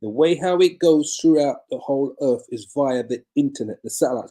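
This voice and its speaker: A man's voice: medium pitch, brisk, mellow, husky. A man preaching a sermon-style Bible lesson on a live video from his home. He asks rhetorical questions, answers them himself, and repeats phrases for emphasis.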